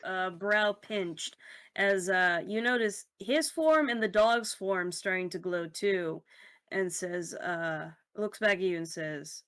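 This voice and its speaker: A woman narrating as game master of a tabletop game, casual and halting, with fillers and the odd swear. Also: on the low side, fairly bright tone, clean tone.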